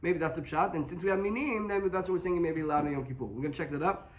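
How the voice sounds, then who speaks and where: Talmud teacher, male, high-pitched and rapid, animated explainer. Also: highs cut off. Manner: quick, animated explaining, mixing Hebrew and English. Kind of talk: Talmud class.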